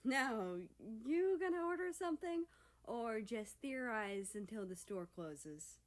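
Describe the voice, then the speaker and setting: A man's voice: very high voice, expressive, slow, voice pushed up, heavily acted. A woman voicing a smug, playful young man with a Russian accent who teases with sly confidence. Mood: amused. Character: smug young male country personified, deep-voiced.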